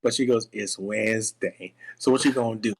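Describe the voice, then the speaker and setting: A young man tells a personal story in a loose, rambling way, stumbling and restarting as he goes. His voice sits at an everyday middle pitch, and his telling stays lively. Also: racing, breathy edge, low-quality recording. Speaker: guest. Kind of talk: casual storytelling chat.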